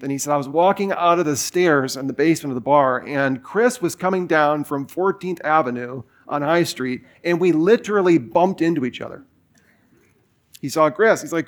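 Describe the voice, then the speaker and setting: A man's voice: fairly high pitch, a little fast. A man in his forties preaching a sermon, telling a personal story in a casual way with lots of fillers. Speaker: pastor.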